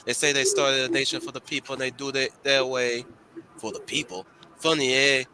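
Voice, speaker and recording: A man doing a flat-voiced undercover agent. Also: mid-range voice, fairly quick, very noisy, natural voice. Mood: matter-of-fact. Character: plain-spoken male undercover agent. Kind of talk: reading comic dialogue aloud.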